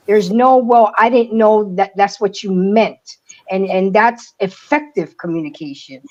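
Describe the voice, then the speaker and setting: A woman in a casual group discussion, speaking in a calm, matter-of-fact way. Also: a little high. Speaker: guest. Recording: dull lo-fi sound.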